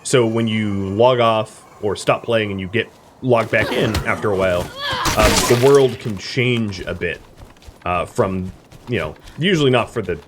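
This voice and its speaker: A man's voice: on the low side, slight background noise. A man streaming a video game, casually explaining the mechanics with lots of fillers. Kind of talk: casual gameplay commentary.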